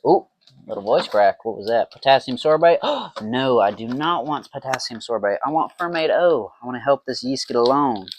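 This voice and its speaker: A man's voice: medium pitch, expressive, moderate pace, slight background noise. A man talking to himself in a playful, rambling way while making mead at home, in a casual brewing vlog. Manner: rambling, playful self-talk.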